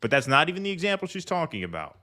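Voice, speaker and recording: Man, political commentary co-host, blunt and combative, bright forceful tone. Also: on the high side, big pitch swings, racing.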